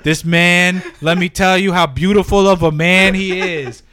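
A man's voice: high-pitched, fairly even intonation, a little slow, pushed and bright, voice pushed up. A man voicing a male business partner who heaps effusive praise on his boss. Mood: gushing.

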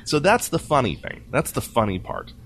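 A man hosting a casual tech news podcast, jokey and quick to laugh as he runs through the stories. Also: mid-range voice, slightly rough. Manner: jokey, animated, laughs often. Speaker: podcast host.

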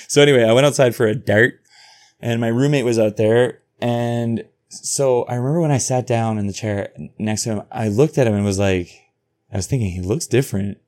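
A man in his own podcast, telling a confessional story straight to the mic. His talk is frank and full of swearing, and he slips into replays of his own inner thoughts. His pitch sits at an ordinary middle height for a man. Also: moderate pace, darkish tone. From Alberta, Canada. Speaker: podcast host.

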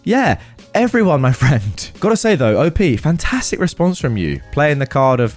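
A man reading online stories aloud and adding his own commentary in an animated storytelling manner. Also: mid-range voice, normal speed, faint music behind. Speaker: story narrator.

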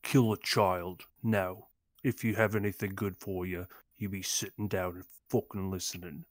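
A man's voice: lowish voice, fairly even intonation, measured pace, dry recording, clean studio sound, lightly acted. A man voicing a menacing little girl who talks like a swearing gangster in a tabletop game. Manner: threatening, swearing, tough street talk.

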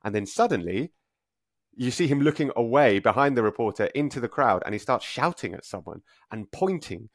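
A man co-hosting a casual football podcast, telling stories with lively delivery and frequent restarts. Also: medium pitch, a little fast, dry recording, studio quality. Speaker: podcast co-host and football pundit.

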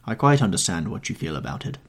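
An earnest, wistful painter, as a male narrator plays him, pleading with feeling. His low voice is gravelly and husky, and it rises and falls a lot. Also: sing-song, quick pace, full character voice. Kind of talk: audiobook character reading.

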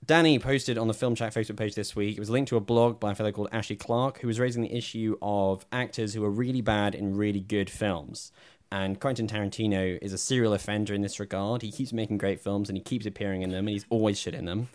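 A man's voice: on the low side, fairly even intonation, quick pace. A man co-hosting a podcast, chatting casually and wryly about films, laughing often. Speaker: podcast co-host. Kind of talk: casual film chat.

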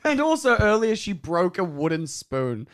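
A man's voice: high voice, sing-song, normal speed, crowd noise. A man co-hosting a comedy podcast, recapping an episode in casual, sweary chat and laughing often.

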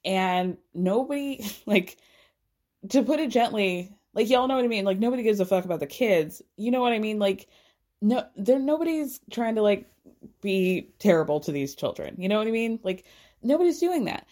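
A woman's voice: mid-range voice, expressive, normal speed, mellow. A young woman giving casual, sarcastic gossip commentary, swearing freely and laughing. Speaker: vlogger.

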